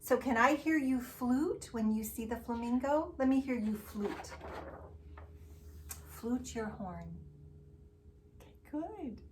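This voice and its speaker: A woman's voice: fairly high pitch, slow, pauses often. Sing-song woman reading to preschoolers. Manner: sing-song, animated, coaxing children to join in. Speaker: preschool teacher. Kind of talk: reading a picture book to young children.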